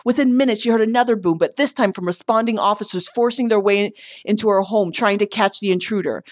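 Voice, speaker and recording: A woman's voice: mid-range voice, fast talker, dry recording, clean studio sound. A woman co-hosting a podcast in casual chat, chatty and often trailing off with hesitant asides. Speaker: podcast co-host.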